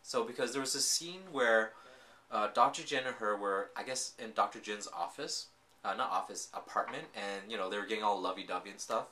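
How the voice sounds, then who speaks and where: A man casually recapping and reviewing a TV drama, telling the story in an animated way full of filler words. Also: lowish voice, fairly quick.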